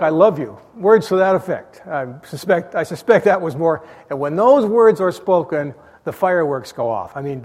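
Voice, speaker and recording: A man leads a church Bible study class, talking in an easygoing, rambling way full of fillers and false starts. His voice sits a little high for a man. It carries the long reverb of a large hall. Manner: rambling, with frequent "you know" fillers and restarts. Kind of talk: conversational church class teaching.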